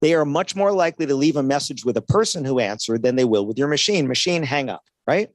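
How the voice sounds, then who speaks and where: A man's voice: medium pitch, animated, fast, no room sound. A man giving a sales seminar at a trade show, talking conversationally and often checking in with "right?" while acting out little dialogues. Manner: conversational, keeps asking "right?", acts out dialogues. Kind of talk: motivational sales talk to an audience.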